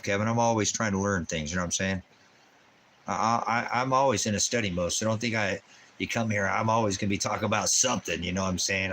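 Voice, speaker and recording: Rambling, profane channel host with a low voice and faint room noise behind him. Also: male voice, a bit bright. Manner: baby talk to his dog. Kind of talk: casual livestream chat.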